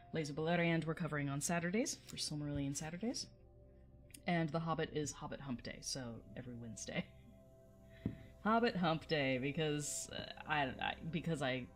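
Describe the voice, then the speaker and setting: Female streamer, low voice, chatty, reads verse aloud, faint music behind. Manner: chatty, laughs often, greets chat viewers. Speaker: livestream host reading and reviewing poetry. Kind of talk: casual livestream chat and poetry reading.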